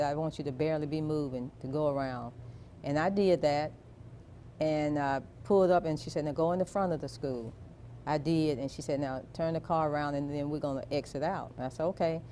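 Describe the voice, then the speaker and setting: Low, mellow-voiced woman telling a family story. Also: slight background noise. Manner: slow, soft-spoken, reflective. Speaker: interviewee. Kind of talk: personal storytelling.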